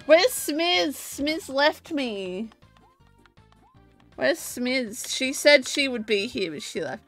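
A drunk woman streaming from home, talking loudly, rambling and giggling at a desk mic. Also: sits high, lively intonation, takes it slowly, soft background music. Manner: loud, rambling, laughing. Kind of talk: casual live-stream chat. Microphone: desk microphone.

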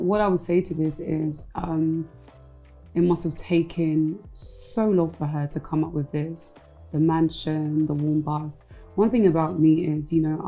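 Low-voiced woman speaking frankly. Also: warm tone, rough recording. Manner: frank, mixes in Igbo phrases. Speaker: interview guest, former reality show contestant. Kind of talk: casual interview.

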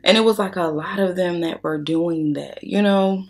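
Low-voiced blunt woman vlogger. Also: normal speed, darkish tone. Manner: blunt, profane, chatty, addresses viewers as y'all. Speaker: beauty vlogger. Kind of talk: casual storytime while doing makeup.

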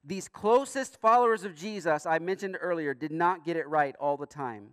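A man preaching a sermon as pastor in a church, earnest, with emphatic rising bursts and quiet asides. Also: a little high, moderate pace, no echo, studio quality, long reverb tail. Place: church sanctuary.

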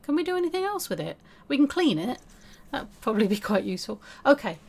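A young woman hosts a gaming video, casually chatting to her character as she plays a life-sim game in a let's-play. Her voice is high and sing-song, a little mellow, with vocal fry and a quick pace.

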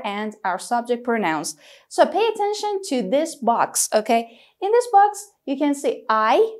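A woman teaching an English grammar lesson, speaking deliberately and repeating each form with frequent "okay?" checks. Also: on the high side. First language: Persian.

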